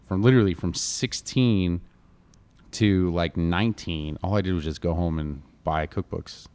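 A man in his thirties from Connecticut, a chef telling animated stories in casual chat. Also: sits low, a little slow, clean tone. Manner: animated storyteller, acts out quotes.

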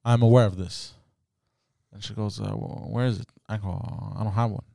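A man's voice: lowish voice, fairly even intonation, moderate pace, creaky, warm tone, no room sound, clean studio sound. A man co-hosting a casual podcast, telling a story and acting out both sides of the conversation, swearing freely. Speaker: podcast co-host.

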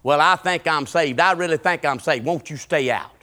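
A man preaching a sermon in a folksy way, swinging between shouting and low muttering. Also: normal speed, big-room sound.

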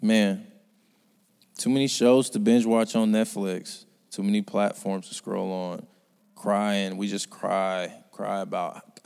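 Low-voiced preacher in a reverberant hall. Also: male voice, flat delivery, takes it slowly, gravelly, smooth. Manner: conversational, swings from quiet asides to loud urgent preaching. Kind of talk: sermon.

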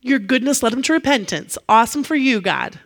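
A woman preaching a sermon, telling the story in a lively way and acting out the quotes. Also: a little high, a little fast.

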